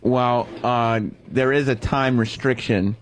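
Male producer, mid pitch, deadpan interviewer. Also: takes it slowly, a little hiss or hum. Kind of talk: interviewing a guest.

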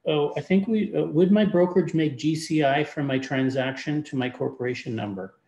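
A man with a gravelly, slightly high voice moderates a webinar, reading out viewer questions and comments and giving short replies. The sound is echoey, with a faint hiss behind him. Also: fairly quick, warm tone. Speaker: mortgage broker co-host.

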